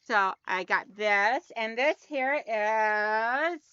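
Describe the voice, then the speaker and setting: Bright, chatty woman livestream host. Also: on the high side, extremely slow, clean tone, dry recording, highs cut off. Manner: chatty, talks straight to viewers and reads out chat comments. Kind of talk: casual livestream chat.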